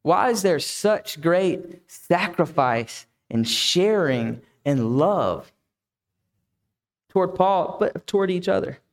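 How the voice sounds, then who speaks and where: A man's voice: high voice, animated, takes it slowly. A man preaching a reflective sermon who asks the listeners many questions. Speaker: pastor.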